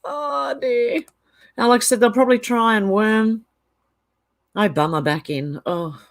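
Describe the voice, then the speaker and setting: A woman's voice: a little high, unhurried. An Australian woman hosting a casual livestream, reading viewer comments aloud and rambling through her reactions. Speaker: channel host.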